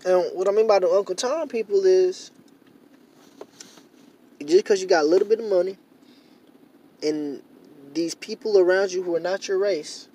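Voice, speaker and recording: A man's voice: high-pitched, moderate pace, long pauses, mellow. A young man in a casual monologue to camera, rambling and repeating himself with many fillers, growing heated and emphatic. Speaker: vlogger.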